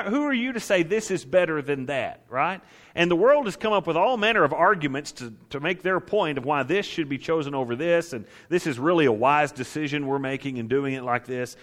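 A man's voice: a little high, a bit bright. Man preaching with pointed rhetorical questions. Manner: emphatic, stacks rhetorical questions. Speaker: preacher teaching the Psalms. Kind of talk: conversational sermon.

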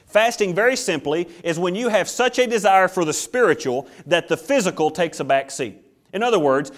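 A man with a high voice preaching a sermon. He reads scripture aloud and acts out little voices, with dramatic swings from soft and low to loud and high. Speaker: pastor.

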